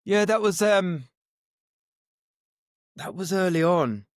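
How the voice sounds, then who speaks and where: A man's voice: sits high, expressive, slow pace, no room sound. Dry-voiced man reminiscing. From England. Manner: reflective, restarts phrases often. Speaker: guest DJ. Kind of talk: casual interview storytelling.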